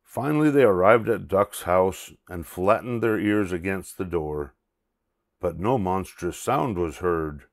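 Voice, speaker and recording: An older man reading a children's storybook aloud, expressive and playful. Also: deep voice, unhurried.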